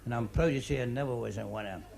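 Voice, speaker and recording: A Scottish comedian performing live stand-up, talking to the crowd in a chatty joke-telling patter full of "you know" and "eh?". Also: male voice, mid-range voice, very fast, creaky. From Scotland. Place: comedy club stage before a live audience. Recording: noisy live club recording with audience laughter.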